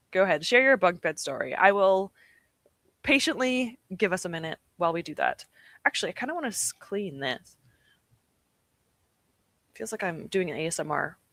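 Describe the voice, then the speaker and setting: A woman's voice: fairly low pitch, sing-song, moderate pace, gravelly, long pauses, a bit bright, dry recording. A young woman streamer chatting casually and giggling often, poking fun at herself. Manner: chatty, giggly, self-deprecating. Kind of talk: casual livestream chat.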